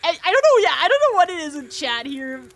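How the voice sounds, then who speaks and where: A woman's voice: high-pitched, sing-song, fast talker. A woman streaming a survival game, talking casually, joking and swearing freely. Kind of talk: casual gameplay commentary.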